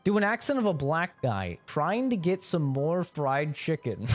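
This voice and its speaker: A man's voice: a little high, very animated, takes it slowly, faint music behind. A young man streaming a game, chatting casually with chat, joking, laughing and swearing freely. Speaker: gaming streamer. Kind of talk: casual live-stream chat, reading chat requests.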